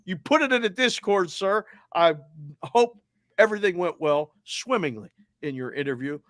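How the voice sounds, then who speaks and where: This man speaks in a Boston accent with a fairly high voice. He hosts a casual sports talk show and fires off energetic listener shout-outs. The sound is dry and close. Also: normal speed, dry recording. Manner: energetic, shout-outs with area codes and towns. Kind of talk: roll call of listeners, casual.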